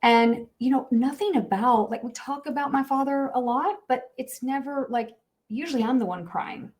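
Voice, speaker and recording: A middle-aged woman with a fairly high voice talks candidly on a podcast. Her storytelling is emotional and earnest, full of fillers and restarts. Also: moderate pace, darkish tone. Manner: emotional, earnest, tells stories with many fillers. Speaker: podcast co-host.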